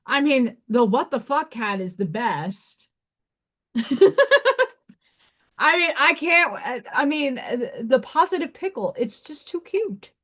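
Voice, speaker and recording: A high-pitched, animated woman with a Staten Island, New York accent hosts a casual live stream and reads oracle cards. Her tone is fairly bright, and she takes it slowly with frequent pauses, talking frankly, cursing casually, and restarting sentences often.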